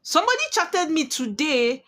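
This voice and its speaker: A woman speaks as a spiritualist addressing her followers. Her voice sits high and swoops widely as she drives home warnings in an emphatic, preaching manner. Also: very animated, normal speed, pushed and bright. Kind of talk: prophetic monologue to viewers.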